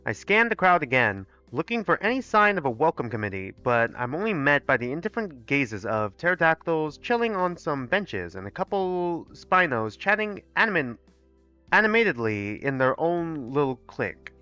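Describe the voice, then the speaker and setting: A man's voice: a little high, big pitch swings, normal speed, pushed and bright, clear, resonant tone, dry recording, highs cut off, soft background music. A man reading game text aloud on a live stream and chatting between lines. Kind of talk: live gameplay reading and commentary.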